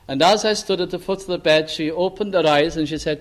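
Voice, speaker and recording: An older man from Wales giving an earnest sermon testimony, pleading with his hearers and dropping to a hush on solemn words. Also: fairly high pitch, fast talker, hardly any pauses. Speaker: preacher.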